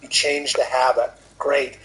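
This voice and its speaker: A man's voice: medium pitch, flat delivery, unhurried, a bit bright, rough recording. A man in his thirties hosting a casual podcast chat, earnest and motivational as he thinks aloud. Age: 30s. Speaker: podcast host.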